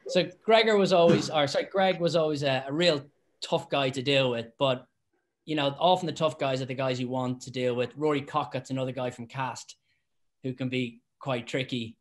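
A man who used to be a professional referee, chatting on a podcast and telling lively anecdotes with lots of restarts and repeated words. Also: medium pitch, normal speed. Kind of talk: casual podcast chat, anecdotes.

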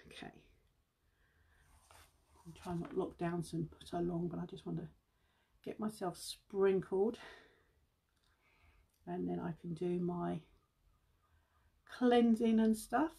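A chatty woman from Britain hosts a casual beauty live stream, a bit out of breath. Her voice has a gravelly, husky edge. She talks to her viewers as guys and hums under her breath between tasks. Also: on the low side, fairly even intonation, slow, long pauses, warm tone. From United Kingdom. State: slightly out of breath. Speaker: beauty seller livestreaming.

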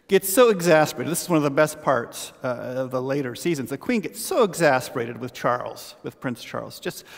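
Male pastor preaching, fairly high voice that swings around a lot, long church echo. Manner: animated storytelling, frequent restarts. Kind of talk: sermon. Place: church sanctuary.

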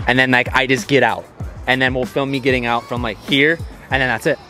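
A man hosting a casual car vlog outdoors around a car, excitable and quick to laugh. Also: mid-range voice, over music. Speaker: car vlogger host.

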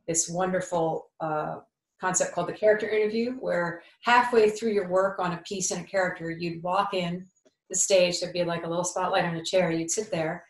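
Actress guest, woman in her fifties, slight New York tone, low-set voice, animated, echoey room. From New Jersey, USA. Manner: thoughtful, animated, many fillers and restarts. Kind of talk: conversational interview.

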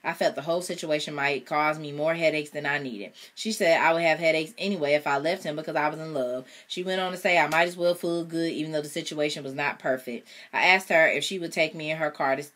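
A woman's voice: deep voice, quick pace, hardly any pauses, a bit bright. A woman reading a novel aloud, with casual chatty asides. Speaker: reader.

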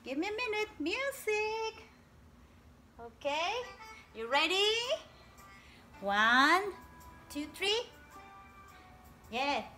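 A woman teaching a preschool class by video, talking slowly and cheerfully in a sing-song way to small children. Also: very high voice, big pitch swings, sharp tone, faint music behind.

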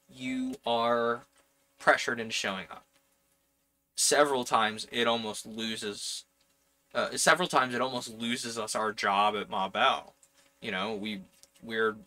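A man narrating a solo tabletop game, speaking as his character in the first person plural. He muses and wanders through the telling in a reflective way. His voice is bright and sits at a middle pitch.

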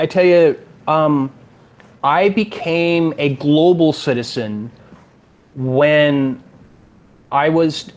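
A man from California with a Californian accent, a game designer chatting as an interview guest and acting out the people in his stories. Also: fairly high pitch. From California, USA. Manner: animated storyteller, acts out quotes. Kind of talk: casual interview chat.

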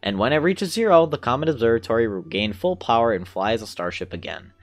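A man reading out a calm cosmic female guardian's instructions from a video game in his own plain voice. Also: medium pitch, quick pace, lightly acted. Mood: explaining. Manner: plain read-aloud delivery.

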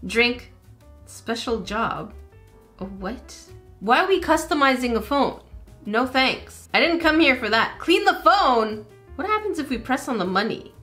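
A woman's voice: high voice, big pitch swings, moderate pace, pushed and bright, faint music behind. A woman hosting a let's-play gaming video, chatty and often confused, talking to her viewers. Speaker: gaming channel host. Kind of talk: casual let's-play commentary. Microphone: desk microphone.

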